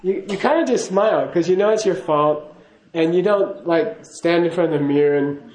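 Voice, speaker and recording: A man's voice: a little high, normal speed, a little mellow, reverberant, low-quality recording. A man giving a casual spoken teaching to a class, chatty and laughing, often checking in with "okay?". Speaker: Buddhist teacher.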